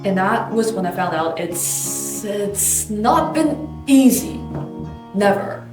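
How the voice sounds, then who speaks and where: A woman giving a candid, thoughtful personal reflection as a documentary interviewee. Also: medium pitch. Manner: candid, thoughtful, with casual fillers. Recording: roomy distant mic. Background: soft guitar music.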